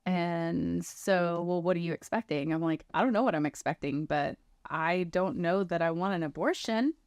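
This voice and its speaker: A woman in her thirties with a lowish voice speaks at a moderate pace, her tone clean in a dry studio recording. She earnestly shares a personal testimony, acting out what people said to her.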